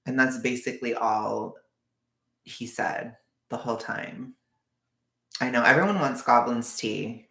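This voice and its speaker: A livestreamer in casual chat with viewers, knitting a scarf while rambling, full of "like" and quick bursts of laughter. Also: mid-range voice, fairly even intonation, vocal fry, sharp tone, roomy sound. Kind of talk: casual live-stream chat.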